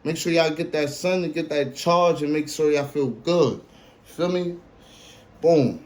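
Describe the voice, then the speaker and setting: Hyped young man, slangy podcast host. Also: unhurried. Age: 20s. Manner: slangy, animated, swings between hyped and low drawl. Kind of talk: casual solo podcast chat.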